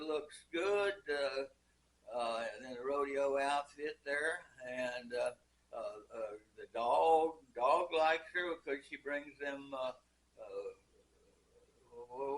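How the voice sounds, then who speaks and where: A man's voice: mid-range voice, a bit bright, a little hiss or hum, rough recording. An old man putting on a rambling old cowboy drawl. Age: older. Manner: folksy cowboy drawl, halting and forgetful. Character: rambling old male cowboy, folksy and slow.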